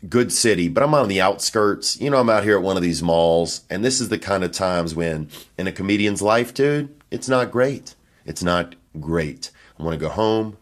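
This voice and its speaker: A man's voice: sits low, lively intonation, normal speed. A man hosting his podcast, telling loose, profane, offhand stories in a rambling comic monologue from a hotel room. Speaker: podcast host and comedian.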